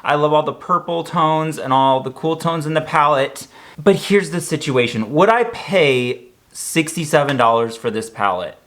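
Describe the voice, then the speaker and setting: Young male beauty vlogger, camp and chatty, light higher voice. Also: moderate pace, a bit bright. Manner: chatty, campy, joking asides. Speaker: makeup reviewer. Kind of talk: casual product review vlog.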